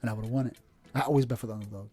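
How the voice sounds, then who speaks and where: A man co-hosting a podcast in playful, animated casual chat. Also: on the low side, slightly rough, no room sound, soft background music. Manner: animated, playful, quick to agree. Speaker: podcast co-host.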